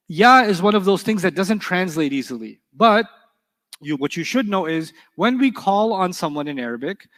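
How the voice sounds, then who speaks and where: A man teaching an Arabic grammar class, lively and animated, often checking with his students. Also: high-pitched, long reverb tail.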